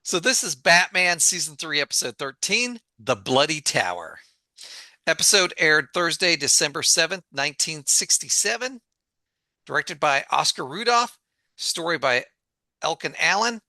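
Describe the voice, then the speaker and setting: A male podcast host with a bright, forward voice that swings lively up and down as he introduces the show and recaps the plot with playful flair. The sound is close and dry. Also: a little high, moderate pace, no echo. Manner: animated, playfully dramatic.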